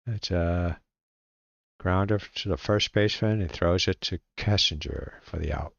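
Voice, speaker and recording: A man talks his way through a solo tabletop baseball game, reading out dice numbers and stopping now and then to check his sheets. He speaks in a relaxed, halting way, muttering half to himself. The recording is dry and somewhat muffled, with no room sound. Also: low voice, creaky, no room sound. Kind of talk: casual play-by-play while rolling dice.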